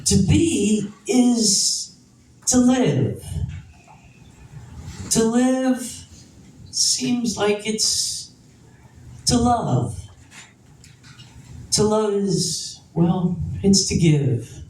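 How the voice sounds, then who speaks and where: Guy doing a slow poem, mellow tone, dramatic pauses, echoey room. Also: high voice, distant mic. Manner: measured, dramatic phrasing. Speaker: poet. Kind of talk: spoken word poetry. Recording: echoey room from afar, faint noise.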